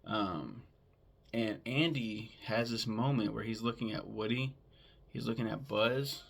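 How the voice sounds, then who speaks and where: A man's voice: lowish voice, unhurried, vocal fry. A man casually recapping a movie plot in a rambling way, with lots of filler words and swearing. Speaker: film podcast host.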